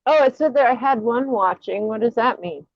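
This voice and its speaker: A woman's voice: on the high side, moderate pace, dry recording. A woman hosting a casual live stream, giggling and self-deprecating as she chats. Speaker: livestream host. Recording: dull lo-fi stream audio.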